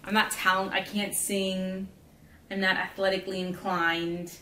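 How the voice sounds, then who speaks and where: With a medium pitch, flat delivery and sharp tone, a young South Florida vlogger talks a little slowly as she builds a gingerbread house, rambling casually with plenty of fillers. The audio has room echo and faint background hiss.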